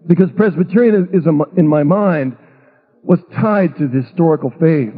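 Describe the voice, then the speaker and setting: A man's voice: a little high, slightly rough. Man telling a story over tinny radio. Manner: humorous, self-mocking storyteller. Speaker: pastor. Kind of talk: storytelling testimony talk. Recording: tinny phone-like radio broadcast.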